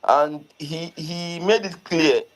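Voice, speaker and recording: A man giving a measured comment in an online audio-room discussion, halting and full of fillers. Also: on the high side, rough recording. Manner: halting, many "you know" fillers. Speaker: discussion participant.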